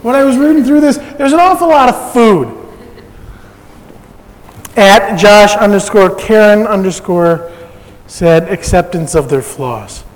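A pastor with a high, light voice preaches to his congregation. He talks in an easy, conversational way with touches of humor. His voice rings through a reverberant church hall. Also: lively intonation, a little slow, pauses often. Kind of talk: sermon.

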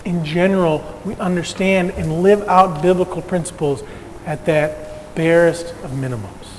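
Male pastor, high voice, conversational sermon with humor, reverberant sanctuary. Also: steady tone, moderate pace, a little hiss or hum. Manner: conversational preaching with light humor.

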